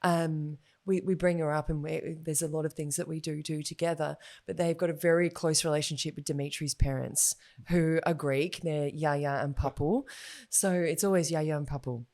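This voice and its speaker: A woman's voice: sits low, fairly even intonation, moderate pace, a little mellow. An Australian woman in her thirties, a podcast guest, telling heartfelt stories about talking with her young kids and acting out both sides of the conversation. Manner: open, heartfelt storyteller who acts out her kids' questions.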